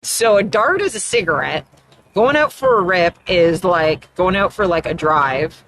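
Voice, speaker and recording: A woman's voice: lowish voice, expressive, measured pace, a bit bright, slight background noise. A woman with an Atlantic Canadian accent, chatting casually as a streamer while gaming, rambling and often trailing off mid-thought.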